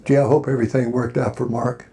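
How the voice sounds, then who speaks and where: Gravelly older man telling stories. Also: mid-range voice, flat delivery, quick pace, mellow. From Alabama. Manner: folksy, rambling, encouraging. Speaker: convention panel guest. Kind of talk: storytelling Q&A. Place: hotel convention panel room.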